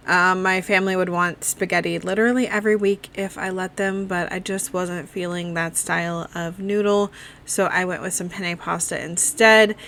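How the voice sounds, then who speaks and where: A woman talks through her week of family dinners in a relaxed, chatty voice-over, moving one step at a time. She drops in the occasional "um" and "like" as she goes. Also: lowish voice, a little hiss or hum. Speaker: cooking vlogger. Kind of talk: casual recipe voice-over.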